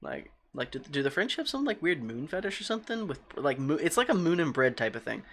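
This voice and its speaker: A young man streaming a game, rambling and joking in a casual, often quiet voice, talking into a desk microphone at home. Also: a little high, big pitch swings, fairly quick, a little hiss or hum. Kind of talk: casual gaming stream commentary.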